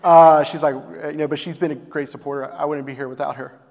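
Young man from Texas, earnest stage storyteller, slightly high voice, long hall reverb. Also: steady tone, fast, vocal fry, a little mellow. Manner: earnest, heartfelt storytelling with frequent fillers. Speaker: barbecue business owner giving a talk. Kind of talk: personal story told on stage.

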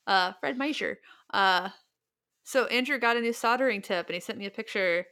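A woman's voice: mid-range voice, moderate pace, sharp tone, clean tone. A young woman co-hosting a casual podcast, playful and teasing. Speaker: podcast co-host.

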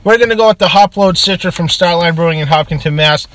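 A Massachusetts man with a Boston accent co-hosts a laid-back beer podcast, chatting and reading sponsor segments. His voice is high, fast and a bit bright, with no room sound at all.

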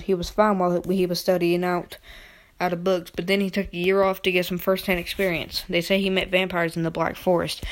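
A woman's voice: on the low side, close to an everyday voice. A big, friendly giant of a man, voiced by a woman reader, talks in a blunt, hearty storybook voice. He comes across as plain-spoken and good-natured. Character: huge gruff friendly male giant.

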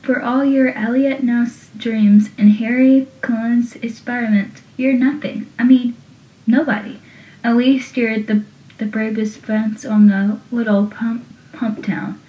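A woman's voice: on the high side, measured pace, natural voice. A sarcastic teenage boy grumbles through his lines, as a young woman reads him aloud. The voice is distant and roomy, with a dull, muffled sound. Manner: sarcastic, read flatly. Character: wisecracking teenage boy deputy.

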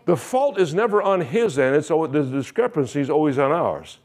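A man's voice: fairly high pitch, very animated, moderate pace, a little mellow. A man, a pastor, preaching a sermon with emphatic, repeated phrases and rising questions.

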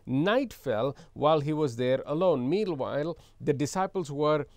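A man's voice: fairly high pitch, expressive, unhurried, darkish tone, no echo. A man preaching a sermon as pastor, reading scripture aloud and explaining it with emphatic repetition, leading the congregation in call-and-response.

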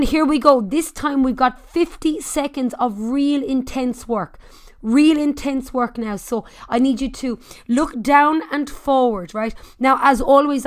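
A woman coaching a spin class, counting down intervals, shouting encouragement and cracking jokes. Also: sits high. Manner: jokey, swears casually.

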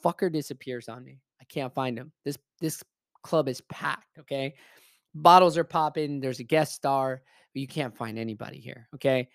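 A man's voice: mid-range voice, normal speed, creaky, dry recording, studio quality. Blunt, profane man telling a story. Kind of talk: casual spoken storytelling.

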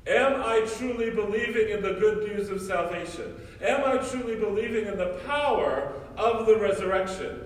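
A man's voice: high voice, expressive, moderate pace, few pauses. A male priest giving a sermon, preaching emphatically with repeated rhetorical questions. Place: church. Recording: echoey church from far off.

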